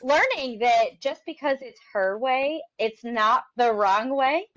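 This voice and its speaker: A woman in her thirties hosting a casual podcast chat, animated and laughing often as she acts out her own past words. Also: high-pitched, slow pace. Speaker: podcast host. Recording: dull lo-fi sound.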